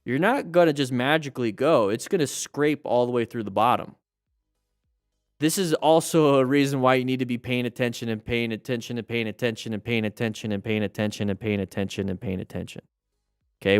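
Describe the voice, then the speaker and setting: A middle-aged man commenting live on motorcycle crash videos as a riding instructor, lively and coaching, with jokey asides. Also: medium pitch, fairly quick, clear, resonant tone, faint music behind.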